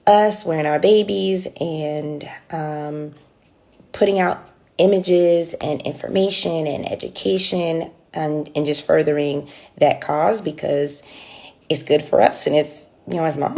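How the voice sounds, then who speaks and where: A woman's voice: low voice, slow, vocal fry, warm tone. A woman hosting a casual livestream close to her phone, chatty with many ums and restarts. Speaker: livestream host. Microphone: phone held close.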